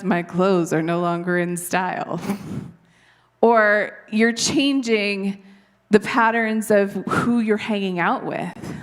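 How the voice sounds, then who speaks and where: Unhurried woman with a light Canadian accent. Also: medium pitch. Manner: earnest, conversational, occasional laughs at herself. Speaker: Bible teacher. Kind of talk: devotional teaching.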